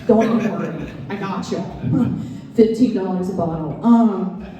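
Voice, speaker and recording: Woman comic, stand-up set, full of "um"s, warm and low-key, roomy live-club sound. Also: dull audio. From American South. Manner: halting, filler-heavy, dry self-mocking delivery. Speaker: stand-up comedian. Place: comedy lounge stage, live audience. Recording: roomy club echo, far mic.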